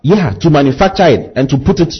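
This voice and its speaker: A man preaches a sermon with a husky edge and a lively, rising and falling pitch. He throws questions out for the congregation to answer and climbs into emphatic passages. The recording sounds muffled and lo-fi. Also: quick pace. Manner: call-and-response preaching, rising to impassioned emphasis. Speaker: pastor.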